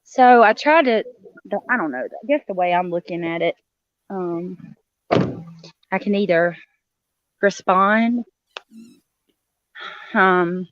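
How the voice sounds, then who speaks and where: A middle-aged woman, talking earnestly and haltingly on a livestream panel from her car. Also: on the low side, no room sound. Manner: earnest, halting, with many fillers. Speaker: juror on a panel. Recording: dull, lo-fi, dry call audio from a car.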